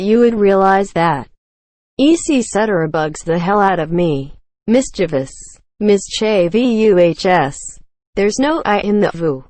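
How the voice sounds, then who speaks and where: A woman reading a string of forum comments aloud in an even, flat read. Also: mid-range voice, dry recording. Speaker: narrator reading forum posts.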